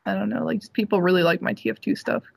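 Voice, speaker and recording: Animated young woman telling a story. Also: rapid-fire, vocal fry, husky, no room sound. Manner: animated, filler-heavy, squeals high when quoting herself. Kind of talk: casual storytelling chat.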